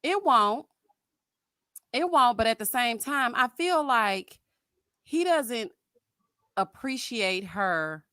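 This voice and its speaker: A woman hosting a live stream, chatting about a reality show in a sassy, animated way, calling her viewers "honey" and "child.". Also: a little high, slow, long pauses, no room sound, clean studio sound. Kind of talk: casual reality TV commentary.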